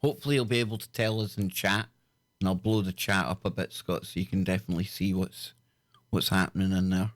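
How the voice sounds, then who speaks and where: Excitable man hosting a livestream. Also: low voice, quick pace, no echo, studio quality. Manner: excitable, loud laughs, slang-heavy. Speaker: host. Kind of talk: casual livestream chat.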